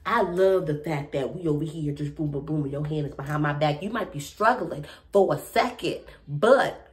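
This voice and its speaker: A woman casually recapping and reacting to a reality TV episode, slangy, chatty and expressive. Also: low voice, moderate pace.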